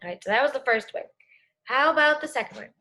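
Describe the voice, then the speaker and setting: A young woman teacher giving an online reading lesson to young children, speaking clearly and encouragingly. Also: high-pitched, lively intonation, pushed and bright. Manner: slow, clear and encouraging, talks to kids.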